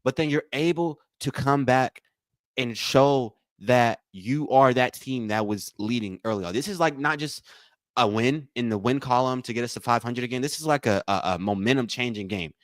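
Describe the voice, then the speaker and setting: A man hosting a live watch-along stream, calling plays, thanking donors, and repeating himself with excitement. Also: mid-range voice, normal speed, no room sound. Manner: excitable, repeats phrases, says y'all a lot. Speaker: livestream watch-along host. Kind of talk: live game commentary and chat.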